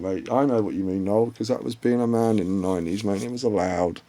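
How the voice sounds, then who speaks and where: A man's voice: mid-range voice, brisk, hardly any pauses, a little mellow. A man in his forties ranting on his own channel in a blunt, profane, meandering way. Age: 40s. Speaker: channel host. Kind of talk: casual rambling rant.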